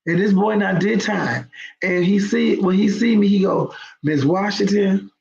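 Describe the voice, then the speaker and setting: A woman's voice: mid-range voice, normal speed, creaky, a little mellow. A woman hosting her show, telling a story to viewers in an emphatic, conversational way. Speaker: host. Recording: roomy, dull lo-fi sound.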